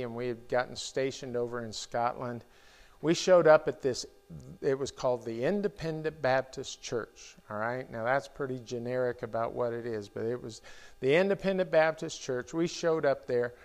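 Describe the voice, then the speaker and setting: A middle-aged man preaching a sermon in a church, talking in a slow, halting way with many restarts and fillers. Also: medium pitch, clean tone. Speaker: pastor.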